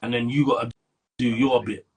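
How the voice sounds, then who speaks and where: A middle-aged man from Brixton with a South London accent, telling his story in a casual interview with animated street talk and sudden jumps in pitch when he stresses a point. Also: moderate pace, breathy edge. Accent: South London, London slang. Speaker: interview guest.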